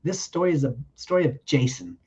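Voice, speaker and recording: Earnest man telling a testimony, mellow voice. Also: on the high side, big pitch swings, breathy edge, low-quality recording. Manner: earnest, halting with frequent restarts. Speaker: guest giving testimony. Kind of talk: personal testimony storytelling.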